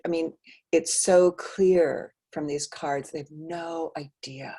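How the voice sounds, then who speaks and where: A woman author talking about her book over a video call, halting with many fillers and restarts, and losing her voice. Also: deep voice, steady tone, warm tone, breathy edge. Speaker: author guest. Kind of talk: conversational book talk.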